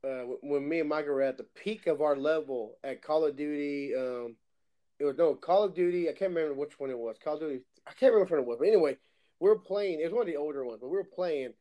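A man chatting casually on a podcast, telling lively gaming stories and mimicking other players' voices. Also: fairly high pitch, quick pace, low-quality recording. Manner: animated storyteller who acts out other players' voices and swears. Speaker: podcast co-host. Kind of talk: casual chat, storytelling.

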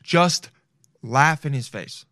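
A man talking straight to viewers in a casual, profane monologue, loud and animated, swearing freely. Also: medium pitch, takes it slowly, no echo, studio quality. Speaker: vlogger.

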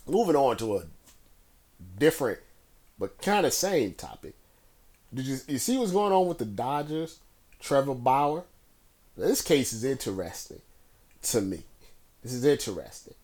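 A man's voice: medium pitch, very animated, normal speed, pauses often, a little mellow. A man giving casual solo commentary, rambling and conversational with frequent fillers and restarts.

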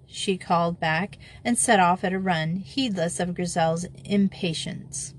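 Woman reader, steady measured storybook narration. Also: fairly low pitch. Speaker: audiobook reader.

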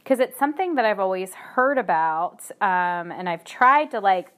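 A woman hosting a podcast in a casual, chatty way, her voice a little hoarse from a cold. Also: medium pitch, expressive, fairly bright tone. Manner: chatty, filler-heavy, unhurried. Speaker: podcast host.

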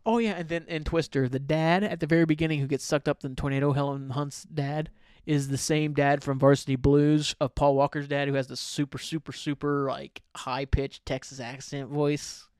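A man's voice: on the high side, fairly even intonation, moderate pace, darkish tone, clear, resonant tone, no echo, studio quality. A man hosting a casual solo podcast, rambling loosely, swearing offhand and often trailing off. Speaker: podcast host.

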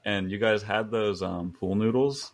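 A man's voice: fairly low pitch, a little slow. A man in his twenties, a podcast guest, telling rambling stories in casual chat and chuckling as he goes.

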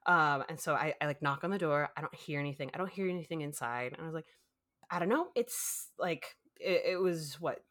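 A woman's voice: low voice, animated, brisk, a bit bright. A woman co-hosting a podcast, casually telling a long story, acting out quotes and laughing often. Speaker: podcast co-host.

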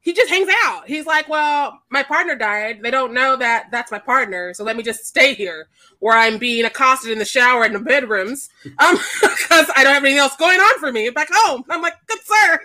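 A woman with a high, bright voice talks through a movie in a loose podcast chat. She laughs often and breaks into little acted-out quotes, lively and a bit exasperated. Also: normal speed. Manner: animated, laughing, acts out quotes. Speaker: podcast co-host. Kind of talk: casual chat.

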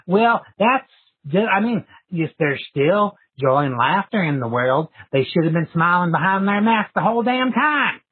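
A man's voice: high voice, sing-song, moderate pace, husky. A man leaving a rambling, folksy voicemail for a podcast host. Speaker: caller. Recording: tinny phone line.

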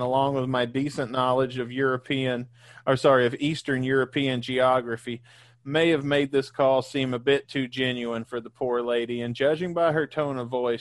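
A man's voice: medium pitch, dry recording. A man hosting a podcast, reading posts aloud in an easygoing way and chuckling as he goes. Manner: easygoing, laughs while reading. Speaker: podcast host.

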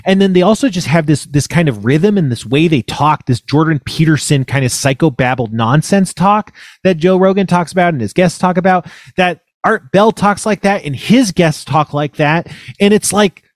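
A man's voice: on the high side, expressive, normal speed, hardly any pauses, dry recording, clean studio sound. A man in his thirties co-hosting a casual podcast chat over a video call, rambling with many hesitations and fillers. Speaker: podcast co-host.

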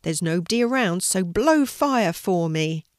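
A woman voicing a small, kind male mouse who talks gently and encouragingly. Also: on the low side, lively intonation, unhurried, dry recording, studio quality. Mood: friendly.

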